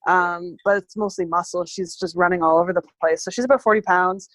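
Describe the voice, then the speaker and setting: A woman's voice: fairly low pitch, fairly even intonation, fairly quick, a bit bright. A woman who works in pest control, chatting casually as an interview guest, rambling with many fillers.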